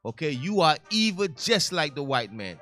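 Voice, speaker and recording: Bright-voiced, heated male talk-radio host. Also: on the high side, big pitch swings, moderate pace, faint music behind. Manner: loud, heated and preachy, with slangy asides. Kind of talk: casual talk-radio commentary.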